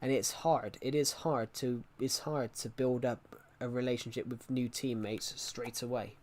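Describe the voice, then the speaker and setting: Male live streamer, mid-pitched, loose rambling delivery. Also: steady tone, unhurried, a little mellow, a little hiss or hum. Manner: rambling, repeats and restarts phrases. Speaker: game streamer. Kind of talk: casual live-stream chat.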